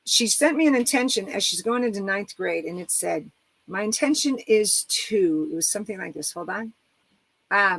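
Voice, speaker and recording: A middle-aged woman, an author and coach, talking casually and telling lively stories, acting out the voices she quotes. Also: mid-range voice, no echo, poor audio. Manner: animated storyteller, acts out quoted voices. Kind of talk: casual interview talk.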